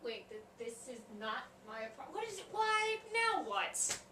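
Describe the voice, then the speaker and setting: A woman's voice: on the high side, very animated, a little slow, bright, forceful tone, reverberant, far from the mic, a little hiss or hum, full character voice. A woman voicing a grumpy, reluctant young woman assistant who talks in an annoyed, sulky way. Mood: irritated.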